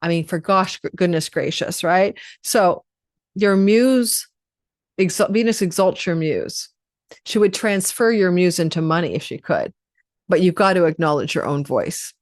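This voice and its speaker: Chatty woman astrologer, lower pitch, dry close sound, rambles off topic. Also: unhurried, no room sound. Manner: chatty, rambling, digressive with laughs. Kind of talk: casual astrology forecast.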